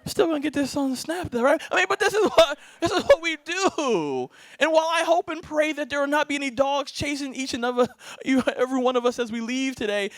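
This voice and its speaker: High-voiced, lively male keynote speaker. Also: no echo. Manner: energetic, keeps asking the crowd "right?"; laughs often, acts out bits. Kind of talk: motivational keynote speech. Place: event stage before a live audience.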